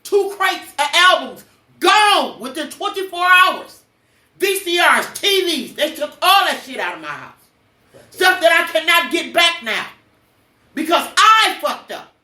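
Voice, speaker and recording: A woman's voice: extremely high pitch, sing-song, measured pace, pushed and bright, echoey room, far from the mic. An older woman hosting a podcast, telling blunt, preachy personal stories with cursing. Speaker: podcast host. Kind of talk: emotional personal monologue.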